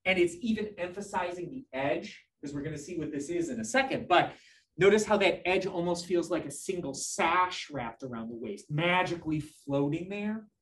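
A man's voice: a little high, expressive, normal speed, a bit bright. A man giving a live class lecture on slides, enthusiastic, often pointing things out and checking in with the listeners, and answering student questions conversationally. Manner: enthusiastic, keeps prompting listeners with "notice" and "right?". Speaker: lecturer on fashion history.

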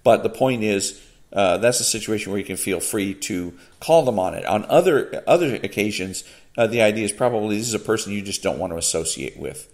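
Lower-voiced man musing in halting commentary. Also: lively intonation. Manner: unhurried, halting, many fillers and restarts. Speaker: podcast host. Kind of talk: solo commentary reading and reacting to a quote.

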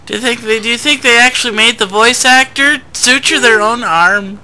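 A woman's voice: a little high, moderate pace, sharp tone. A woman commenting on a video game as she plays, squeamish and pleading with the game, talking through clenched teeth. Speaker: let's play gamer. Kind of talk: gameplay commentary.

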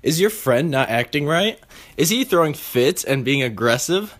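Brief: pushy, upbeat fake ad announcer, a man putting it on, mid-high voice, loud sales pitch. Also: lively intonation, normal speed. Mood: salesy. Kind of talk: parody commercial voice-over.

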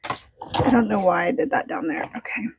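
A woman chats casually on her vlog while counting out cash. She sounds bubbly and excitable, and her voice sits in a middle pitch. She often talks to herself as she counts. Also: moderate pace, noisy background. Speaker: budgeting vlogger.

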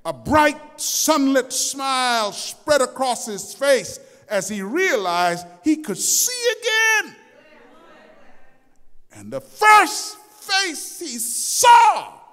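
Animated preacher man, big hall echo. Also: high voice. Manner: dramatic storytelling, shouting out the quoted cries. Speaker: pastor. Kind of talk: sermon. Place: church sanctuary.

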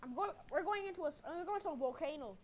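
A woman giving casual gaming commentary while playing with a friend, excitable and trash-talking with loud outbursts, on a headset mic. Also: high-pitched, quick pace, slight background noise.

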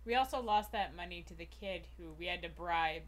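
A woman's voice: lowish voice, a little fast. A woman co-hosting a game stream, chatting in a laid-back way and laughing often. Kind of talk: casual chat during a game playthrough.

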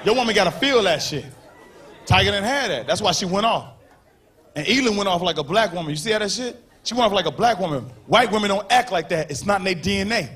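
A man with a notably high-pitched voice performs stand-up on a live stage, telling his stories loud and animated and shouting the punchlines. He acts out the characters in his bits as he goes. Audience laughter and a faint room noise sit under the handheld mic. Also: fast. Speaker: stand-up comedian. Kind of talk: stand-up comedy set. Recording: live show with crowd noise.

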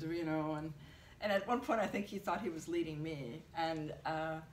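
Woman, low voice, animated storyteller, echoey room. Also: normal speed, a little hiss or hum. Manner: animated storytelling, many fillers. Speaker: translator, interviewee. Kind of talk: conversational interview.

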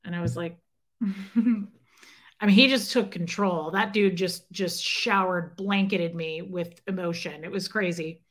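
In an unhurried, low-leaning voice with fairly even intonation, a woman hosts a livestream. She shares a personal story in an emotional, meandering way and says hello to chat viewers by name.

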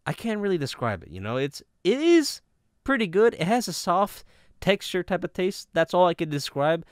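A man's voice: high voice, very animated, moderate pace, dry recording, clean studio sound. A man casually reviewing a product, rambling with many fillers and restarts.

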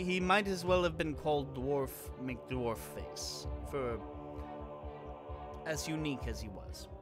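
Guy doing game commentary, sarcastic and rambly, bouncy voice, soft music under him. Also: a little high. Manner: rambling, sarcastic, swears casually. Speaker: host. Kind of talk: let's-play commentary.

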